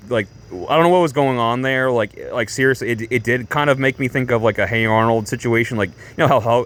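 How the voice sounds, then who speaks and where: A man of medium pitch tells a story to camera in a loose, rambling vlog style. He leans hard on fillers and restarts and stays animated throughout. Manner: animated, breaks into laughs. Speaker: vlogger.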